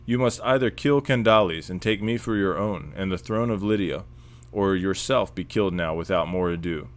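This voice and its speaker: A man's voice: low-pitched, normal speed, lightly acted. A man reading aloud the lines of a wronged, proud queen who gives a stern ultimatum.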